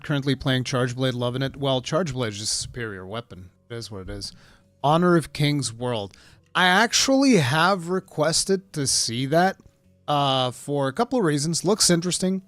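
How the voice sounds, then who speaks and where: A man's voice: medium pitch, dry recording. Chatty streamer man, close dry mic. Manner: rambling, reads chat aloud, bursts of laughing excitement. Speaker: live stream host. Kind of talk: casual live-stream chat.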